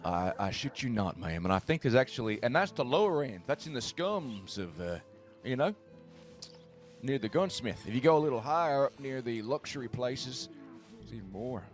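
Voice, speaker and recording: A man's voice: medium pitch, animated, moderate pace, faint music behind, natural voice. A man playing a nervous, self-deprecating frontier man who rambles and swears in a western roleplay. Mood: rambling.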